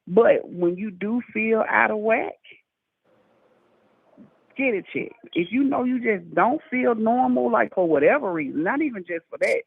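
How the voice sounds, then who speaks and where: A woman's voice: fairly high pitch, lively intonation, unhurried, gravelly, husky, no echo. A woman telling her health testimony in a casual chat over a phone call, earnest and urging listeners to get checked. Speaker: guest sharing a health testimony. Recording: tinny phone line.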